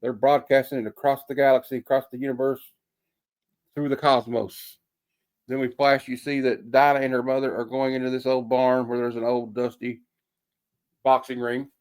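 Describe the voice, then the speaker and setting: A man's voice: mid-range voice, level tone, normal speed. Brief: man in a mid-range voice, laid-back comic reviewer, hesitant and full of fillers, homespun turns of phrase. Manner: rambling, hesitant with many fillers; folksy sayings.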